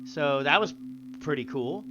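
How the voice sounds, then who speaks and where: A man's voice: a little high, expressive, unhurried. A young man co-hosting a podcast, chatting casually in a laid-back, rambling way and swearing freely. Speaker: podcast co-host. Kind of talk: casual chat. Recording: dull sound with clear noise.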